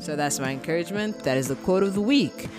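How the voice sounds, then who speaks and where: A woman's voice: on the low side, lively intonation, fast. A young adult woman hosting her podcast in a casual, upbeat way, full of "like" and "you know". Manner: chatty, upbeat, heavy use of "like" and "you know". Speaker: podcast host. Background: background music.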